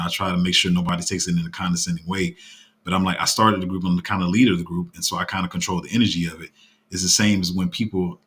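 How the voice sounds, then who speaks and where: A man hosting a casual live stream about his paid crypto group, talking in a fairly flat, even tone and rambling with restarts. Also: low voice. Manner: rambling, with many fillers and restarts.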